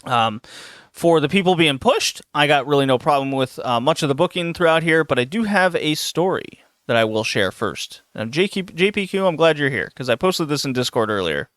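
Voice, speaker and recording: Lively bright-voiced man telling a story. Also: a little high, moderate pace, dry recording, studio quality. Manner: animated, laughing storyteller with many restarts. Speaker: podcast host. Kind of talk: casual storytelling on a podcast.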